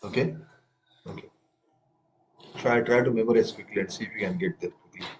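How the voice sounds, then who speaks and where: A man's voice: fairly low pitch, brisk, a little mellow, lo-fi sound, slight background noise. A man teaching a tabla class over a video call, correcting students and reciting rhythm syllables aloud. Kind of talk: online music lesson.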